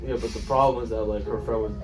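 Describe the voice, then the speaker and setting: A man's voice: on the low side, steady tone, fast talker, over music. A young man telling a story in casual chat, rambling and swearing often and acting out what people said. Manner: rambling, profane, retells with quoted dialogue. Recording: distant mic with faint noise.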